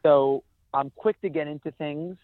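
A man, a guest in an interview, telling stories in an energetic way with many restarts. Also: on the high side, unhurried, no echo. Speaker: guest, ultrarunner. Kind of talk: conversational interview. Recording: tinny phone-like dry sound.

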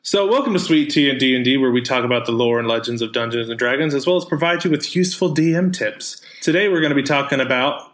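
A woman's voice: a bass voice, fast, hardly any pauses. A woman with a Texan accent co-hosting a casual podcast, joking and swearing casually as she opens the show. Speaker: podcast co-host. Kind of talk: casual chat.

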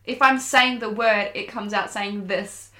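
A woman's voice: medium pitch, steady tone, unhurried, bright, forceful tone, reverberant. A young woman from Victoria in Australia with an Australian accent, chatting casually and giggly, swearing now and then. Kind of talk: casual chat.

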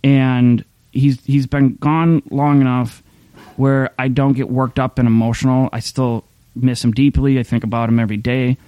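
A man's voice: mid-range voice, little pitch movement, normal speed, mellow, clear, resonant tone, no room sound. A man preaching a sermon in a candid, conversational way, often restarting his sentences. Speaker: pastor. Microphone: streaming camera mic.

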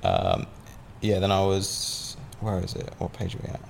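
A man from Southampton telling a long personal story as a podcast guest. His voice sits slightly low, and he talks in a loose, rambling way, full of fillers and casual swearing. A faint hum of ambience sits behind him. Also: very animated, normal speed, vocal fry. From Southampton, England.

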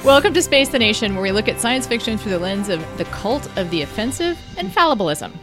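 A middle-aged woman co-hosting a casual podcast, with wry, deadpan humor and playful rhetorical questions. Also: a little high, fast talker, over music. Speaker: podcast co-host.

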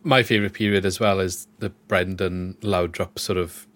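A man's voice: sits low, fairly even intonation, moderate pace, fairly bright tone. A man interviewing a guest in a casual, supportive, chatty way.

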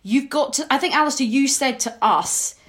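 A woman's voice: high-pitched, moderate pace. A woman in casual chat, telling stories with lots of laughter and shrieks when amused. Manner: animated storyteller, laughs often, squeals when amused. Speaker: podcast guest.

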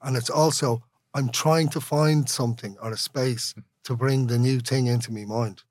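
A man's voice: mid-range voice, steady tone, normal speed, a little mellow, dry recording. A man with an Irish accent talking as an interview guest, rambling and candid, laughing often and swearing freely. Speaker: guest, musician. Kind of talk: casual conversational interview.

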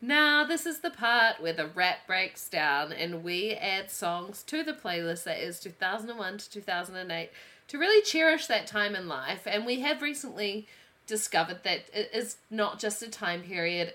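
A woman's voice: fairly low pitch, bright, forceful tone. A woman in her thirties co-hosting a podcast in casual chat, talking in a giggly, chatty way full of "like" fillers. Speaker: podcast co-host.

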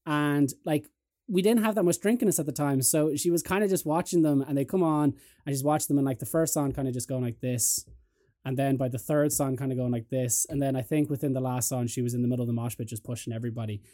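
A man hosting a podcast in casual chat, telling stories in a lively way and mimicking other people's voices. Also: mid-range voice, fast. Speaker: podcast host.

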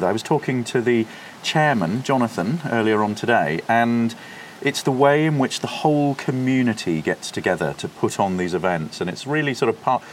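A man co-hosting a podcast, talking enthusiastically and explaining history at length, recorded outside in a windy courtyard. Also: medium pitch. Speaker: podcast co-host. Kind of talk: casual chat.

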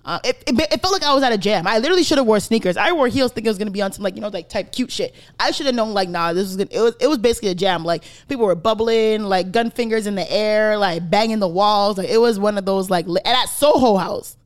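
A young woman co-hosting a podcast tells a story in loose casual chat. She swears freely and fills her talk with "like". Her voice sits at an ordinary middle pitch. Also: fast, few pauses. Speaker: podcast co-host.

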